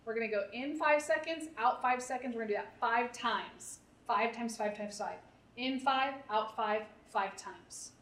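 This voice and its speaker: A woman's voice: a little high, moderate pace, fairly bright tone. A woman therapist leading a parent workshop, coaching in a conversational way and often checking in with "right?". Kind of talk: live workshop talk.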